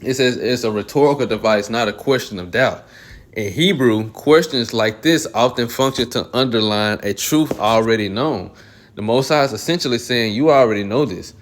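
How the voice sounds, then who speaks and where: Man reading scripture with throat-clearing. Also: medium pitch, normal speed. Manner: clears throat often, restarts phrases. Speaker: Bible teacher.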